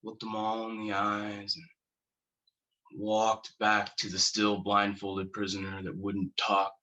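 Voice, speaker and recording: An actor playing a haunted male war veteran, telling his story slowly and haltingly, stumbling over repeated words. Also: lowish voice, completely flat delivery, pushed and bright, low-quality recording. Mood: grim. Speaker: actor performing a monologue. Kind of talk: dramatic monologue.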